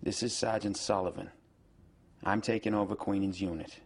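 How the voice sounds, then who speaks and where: An actor playing a calm police sergeant who coaxes someone on the phone in a quiet, persuasive way. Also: male voice, on the low side, moderate pace, husky. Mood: coaxing. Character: calm smooth-talking male police sergeant, middle-aged.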